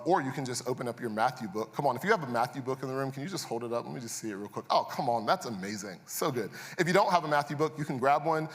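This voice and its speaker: A man preaching a sermon as pastor, conversational and building to intense, repeated refrains. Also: medium pitch. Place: church auditorium. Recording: church hall reverb.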